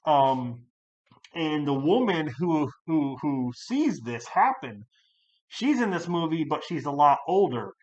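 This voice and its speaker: Guy rambling thru a movie review, lots of likes and ums, gets loud and animated sometimes. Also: fairly high pitch, takes it slowly, highs cut off. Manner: rambling, many fillers and restarts; animated, jumps to loud outbursts. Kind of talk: casual spoken movie review.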